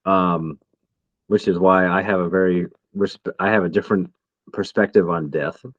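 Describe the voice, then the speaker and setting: A man's voice: low-pitched, steady tone, dry recording. Reflective man on a dull, dry mic. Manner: reflective, halting. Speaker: podcast co-host, military veteran. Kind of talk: casual chat.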